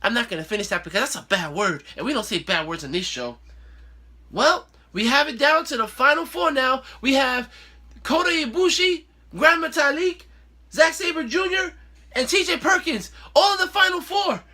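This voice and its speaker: Guy hosting a wrestling recap, high bright voice, super excitable. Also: normal speed. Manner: excitable, playful. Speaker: show host.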